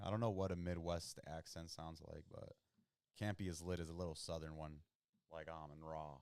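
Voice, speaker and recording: Young male host, very low voice, smooth and dry close-mic sound, casual slangy play-by-play reactions. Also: fairly quick, darkish tone, dry recording. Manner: loose and slangy, reacting to plays. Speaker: podcast host watching football. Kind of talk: casual live-watch commentary.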